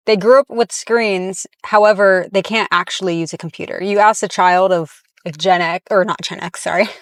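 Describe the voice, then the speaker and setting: Woman reaction vlogger, mid-pitch, blunt and heated, dry close sound in a car. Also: clear, resonant tone, no echo. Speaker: fitness commentator. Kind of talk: reaction commentary. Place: inside a parked car.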